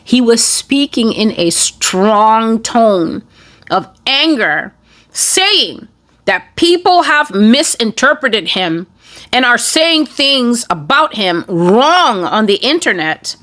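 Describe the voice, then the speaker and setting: Woman slowly recounting dreams. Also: a little high, sing-song, fairly bright tone. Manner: slow, deliberate, rambling storytelling. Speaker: online broadcaster.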